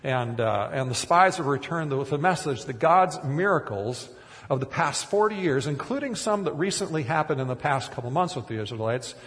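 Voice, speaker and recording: A man's voice: on the high side, lively intonation, moderate pace, fairly bright tone, long reverb tail. A man from Minnesota preaching a sermon in church, conversational and self-deprecating, with frequent restarts and asides. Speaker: pastor. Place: church sanctuary.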